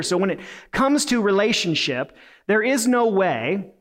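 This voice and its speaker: Guy preaching a sermon, kinda high voice, chatty and earnest, lots of ums and likes. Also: expressive, normal speed, fairly bright tone. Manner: conversational, earnest, casual fillers. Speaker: pastor.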